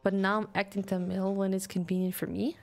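Woman reading a guilty grown son in a story game, hesitant, sorry, slightly gravelly. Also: mid-range voice, little pitch movement, fairly quick, a little mellow, faint music behind, lightly acted. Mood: remorseful. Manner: hesitant, apologetic. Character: adult son, guilt-ridden writer.

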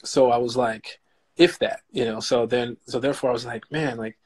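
A man being interviewed as an actor guest, telling stories in a relaxed way with lots of "you know". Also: mid-range voice, normal speed, slightly rough. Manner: relaxed storytelling, says "you know" a lot. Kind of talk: casual interview chat.

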